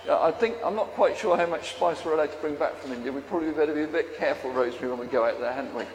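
A man with a high voice talks casually to a congregation at a harvest service. He keeps asking them questions. His voice carries with the long reverb of a large church hall. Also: very fast. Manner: chatty, asks the congregation questions. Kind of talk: interactive talk to a congregation.

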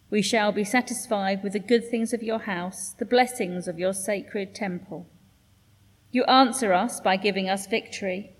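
A woman reads scripture aloud in a measured, formal way, with a mid-range voice. Her reading echoes through a church with long reverb. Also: mid-range voice. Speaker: scripture reader.

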